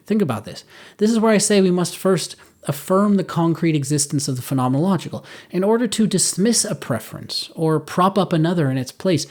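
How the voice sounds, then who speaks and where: A man's voice: on the high side, darkish tone. A man giving a scripted philosophical monologue for his video essay, reasoning aloud in an earnest way and correcting himself as he goes.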